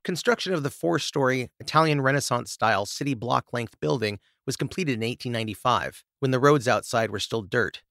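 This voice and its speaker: A man's voice: medium pitch, a little fast, creaky, hardly any pauses, fairly bright tone, no room sound, clean studio sound. A man hosting a podcast, reading researched history and then chatting loosely with laughs and stumbles. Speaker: podcast host reading the story. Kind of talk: scripted narration with casual asides.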